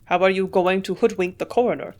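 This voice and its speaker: A woman voicing a gruff, terse older German chemist with a strong German accent. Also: medium pitch, steady tone, fast talker, a little mellow, close to an everyday voice. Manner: gruff, grunting, growling.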